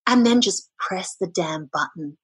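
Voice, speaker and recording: A woman's voice: fairly low pitch, expressive, measured pace, slightly rough. A woman, a podcast guest talking frankly and with energy in a casual interview.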